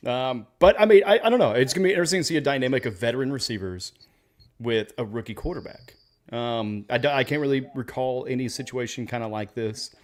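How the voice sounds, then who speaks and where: A man's voice: medium pitch, brisk. A man from Oklahoma hosting a podcast, chatting casually about football with loose, profane jokes while having a drink. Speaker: podcast host. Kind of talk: casual sports podcast chat.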